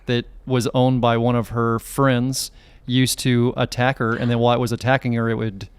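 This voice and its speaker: A podcast host in easy conversation, tossing in jokes and quick asides and laughing often. The voice is smooth and clear. The recording is dry and close, with no room sound. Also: medium pitch, level tone, dry recording. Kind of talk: casual chat.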